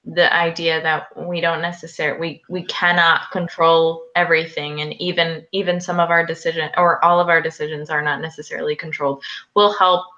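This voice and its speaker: A woman hosts a loose online panel, talking brightly with lots of "like" and "you know". Her voice sits a little low for a woman, and the audio is dull and lo-fi like a video call. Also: flat delivery, a little fast. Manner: chatty, laughing often, many fillers. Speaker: host. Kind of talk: casual panel discussion.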